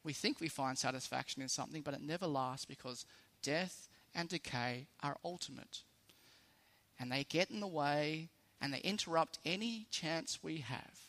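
A man's voice: on the high side, moderate pace, fairly bright tone. A man with an Australian accent preaching a sermon in a conversational, lightly humorous way, stressing key phrases.

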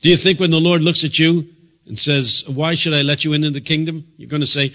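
Bright, husky-voiced impassioned male preacher. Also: medium pitch, brisk. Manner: impassioned, swings from hushed to loud. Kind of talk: sermon. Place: church.

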